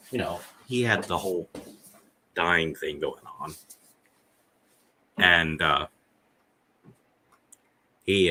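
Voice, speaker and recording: A man with a low-pitched, sharp voice hosts a casual podcast, trading trivia with his co-host. He rambles, swears freely, and reads out chat messages.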